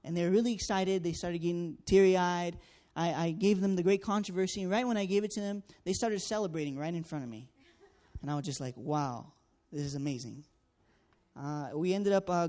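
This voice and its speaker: A man tells a personal testimony in an earnest, storytelling manner. His voice sits a little high for a man. He acts out each exchange and leans on fillers as he goes. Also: a little mellow. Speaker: student canvasser sharing a testimony.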